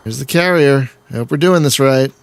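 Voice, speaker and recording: A man's voice: mid-range voice, brisk, vocal fry, smooth. Chatty man narrating his gameplay. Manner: chatty, rambling, laughs often, exasperated outbursts. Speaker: gaming channel host. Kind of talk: casual let's-play commentary.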